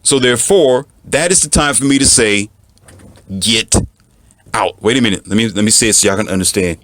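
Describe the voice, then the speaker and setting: A man's voice: mid-range voice, fast, fairly bright tone. A man giving an emphatic, repetitive lecture as a relationship coach. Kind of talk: lecturing monologue.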